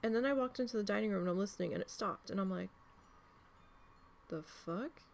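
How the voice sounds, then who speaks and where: A woman's voice: mid-range voice, very fast, gravelly, darkish tone, a little hiss or hum. Chatty, swearing woman telling home stories. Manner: chatty, swears freely, tells stories with sound effects. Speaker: crafting vlogger. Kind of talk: casual chat while needle felting. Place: home, indoors.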